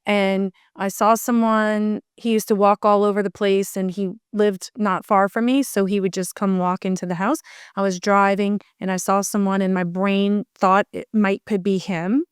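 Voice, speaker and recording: A woman's voice: mid-range voice, flat delivery, moderate pace, smooth, no echo. Earnest woman, dry close mic. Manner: earnest, rambling with many restarts. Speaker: podcast guest. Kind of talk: emotional personal storytelling.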